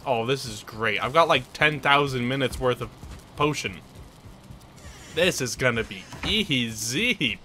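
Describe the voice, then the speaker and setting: A man giving playful, chatty let's play commentary as he tours his game base, joking at his own expense. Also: mid-range voice. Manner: playful, chatty and self-mocking. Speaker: gaming channel host.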